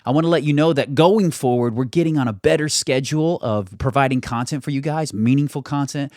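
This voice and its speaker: A man's voice: mid-range voice, a little fast, a little mellow, no echo. A young American man with only a faint regional accent, hosting his channel in a chatty, self-deprecating way from his studio. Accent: mild general American, little regional trace. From United States. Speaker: YouTube channel host. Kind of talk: casual vlog monologue. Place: home studio.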